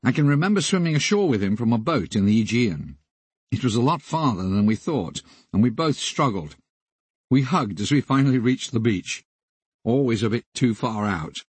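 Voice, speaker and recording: A man narrating his memoir as an audiobook, with wry, deadpan comic asides. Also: mid-range voice, moderate pace, husky, dry recording.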